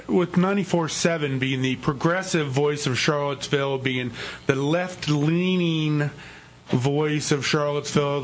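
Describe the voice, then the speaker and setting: Halting, joking male radio host. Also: fairly high pitch, a little hiss or hum. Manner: halting, stumbles over words and jokes. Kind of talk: casual radio chat.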